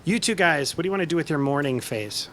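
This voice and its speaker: A man's voice: on the high side, expressive, fast talker, a bit bright, slight background noise. A man as game master, narrating a tabletop game with loose, filler-heavy phrasing.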